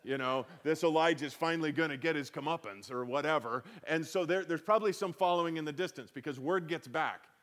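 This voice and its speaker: A man's voice: on the high side, brisk, hardly any pauses, a bit bright. A man giving a conversational Bible teaching, reading scripture aloud and then explaining it with chatty emphasis.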